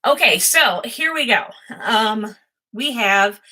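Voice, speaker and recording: A woman's voice: fairly high pitch, lively intonation, slow, pushed and bright. A woman doing a casual, chatty tarot reading, rambling and easily distracted, often giggling.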